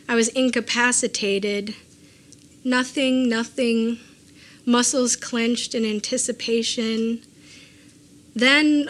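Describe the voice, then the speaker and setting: A woman reading aloud from her own personal essay in a measured, deliberate way, with dry offhand asides. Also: fairly high pitch.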